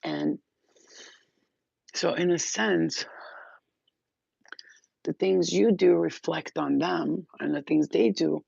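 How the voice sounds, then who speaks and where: Husky woman rambling casually about spirit stuff, cusses a lot, dry room. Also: on the low side, steady tone, takes it slowly, pauses often, a little mellow, no room sound, dull audio. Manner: rambling, profane, streetwise. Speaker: spiritual healer host.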